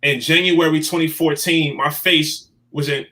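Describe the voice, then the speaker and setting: A man in his thirties telling his life story in a casual chat, animated and emotional. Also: fairly high pitch, normal speed. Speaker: guest.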